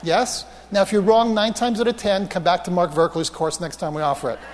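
Male preacher, high voice, storytelling sermon, long hall reverb, animated anecdotes. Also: brisk, slight background noise. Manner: anecdotal, animated, self-mocking humor.

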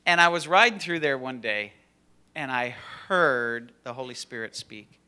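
A middle-aged man preaching a conversational sermon in a personal, relaxed way. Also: mid-range voice, a little slow, smooth. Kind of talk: sermon with story reading.

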